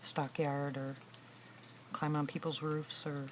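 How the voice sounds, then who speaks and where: A woman's voice: sits low, flat delivery, measured pace, noisy background. A woman in her sixties chatting casually with viewers on a livestream, telling stories and laughing often. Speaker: livestream host. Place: room with a loud air conditioner.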